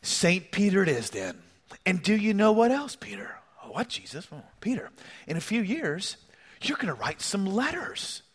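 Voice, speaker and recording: A patient, gentle teacher figure speaks in a soft, hushed voice, lower than the narrator's, as a man acts him out. His tone is coaxing and kind, and the timbre stays bright and lively. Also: normal speed, husky, heavily acted.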